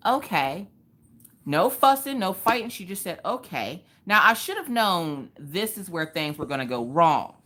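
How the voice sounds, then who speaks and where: A woman's voice: fairly low pitch, big pitch swings, unhurried, fairly bright tone. A woman, hosting a casual livestream while she does a craft, chatting and telling stories to her viewers. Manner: chatty, storytelling, joking asides to chat. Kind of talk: casual chat while diamond painting.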